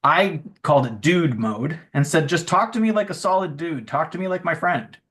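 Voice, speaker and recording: Middle-aged guy giving a chill tech talk, bit higher voice, says "you know" a lot and acts out his prompts. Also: normal speed. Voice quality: animated, acts out what he says to the chatbot. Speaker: speaker at a tech event. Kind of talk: conference talk with audience Q&A.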